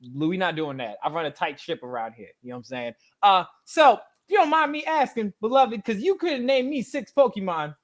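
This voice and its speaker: A man's voice: high-pitched, big pitch swings, a little fast, hardly any pauses. A man hosting a podcast interview, teasing and roasting his guest with lots of laughter. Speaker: podcast host. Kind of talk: casual interview banter.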